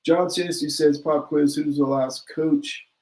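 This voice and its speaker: A man co-hosting a sports talk show speaks in a fairly high voice and keeps it lively, laughing easily as he argues. He reads listener comments aloud and jumps between opinions. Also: unhurried, poor audio. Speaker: podcast co-host.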